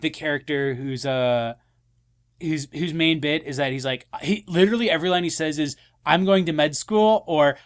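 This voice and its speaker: A young man co-hosting a casual film chat, retelling scenes with lively quoted voices and frequent laughs. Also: a little high, normal speed. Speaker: podcast co-host.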